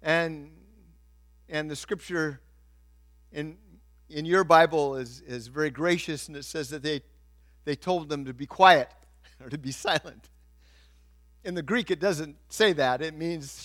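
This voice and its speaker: A middle-aged male pastor preaching a sermon, swinging from quiet asides to loud, emphatic points. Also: fairly high pitch, unhurried, pauses often.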